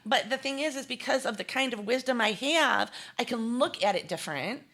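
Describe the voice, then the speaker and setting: A middle-aged woman speaking as an interview guest in an earnest, emphatic way, with a bright, forceful voice. She pitches slightly above most women, laughs often and acts out the lines she quotes. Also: animated, fairly quick. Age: 40s or 50s. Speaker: guest, holistic chef. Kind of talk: candid interview talk.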